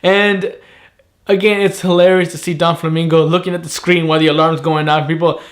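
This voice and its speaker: Man, anime reviewer, high voice, rambling casual talk, swears freely. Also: normal speed. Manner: rambling, profane, animated.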